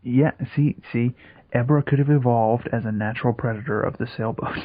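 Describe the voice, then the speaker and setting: A man's voice: mid-range voice, steady tone, fairly quick, narrow, tinny audio. A man co-hosting a casual movie podcast, tossing out dry jokes with some swearing. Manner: dry jokey asides, swearing. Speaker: podcast co-host.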